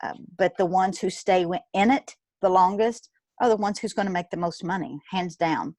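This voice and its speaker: A woman in her fifties, a guest in an interview, telling a personal story in a lively way, acting out what others said and laughing often. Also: on the low side, normal speed, no echo. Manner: animated, acts out quoted dialogue, laughs often. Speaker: guest, retired nurse turned business owner.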